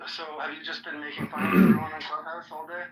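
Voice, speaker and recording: A man's voice: on the high side, flat delivery, quick pace, roomy sound, far from the mic, a little hiss or hum, rough recording. A man in casual chat, loose and profane, teasing and filling his talk with "like". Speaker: guest.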